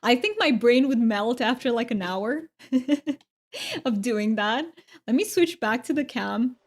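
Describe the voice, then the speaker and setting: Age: adult. Sex: woman. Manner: bubbly, giggly, chatty. Pitch: fairly high. Role: game streamer. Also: expressive, takes it slowly. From Romania. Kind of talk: casual live-stream chat.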